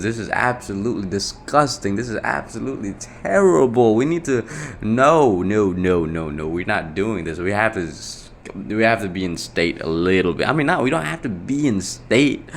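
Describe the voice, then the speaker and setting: Young male solo podcaster, very low voice, rambling and self-correcting, light hiss behind. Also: creaky. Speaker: podcast host. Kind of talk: casual solo podcast monologue.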